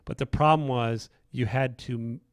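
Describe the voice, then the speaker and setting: A lead game designer chats enthusiastically on a livestream, rambling, often restarting his sentences and using plenty of fillers. His medium-pitched voice is steady, clear and resonant at normal speed. The recording is dry, with clean studio sound.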